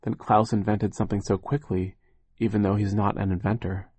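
Brief: earnest clever girl read by a man, low husky reading voice. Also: level tone, a little fast, darkish tone, no room sound.

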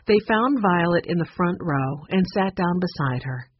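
Husky low-voiced woman narrator. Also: moderate pace. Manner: steady storytelling. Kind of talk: audiobook narration. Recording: muffled lo-fi audio.

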